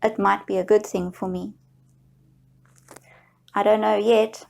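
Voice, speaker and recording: A woman guiding viewers through a slow, soothing tapping session, leading them in repeated affirmations. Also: mid-range voice, level tone, vocal fry, a little mellow. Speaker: EFT tapping guide.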